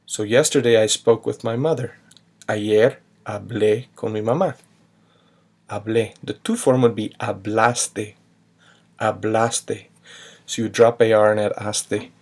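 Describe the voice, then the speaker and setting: A man's voice: fairly low pitch, fairly even intonation, unhurried, darkish tone. A man teaching a recorded grammar lesson, patiently spelling out verb endings step by step. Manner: patient, spells out endings, sings a short chant. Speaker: Spanish teacher.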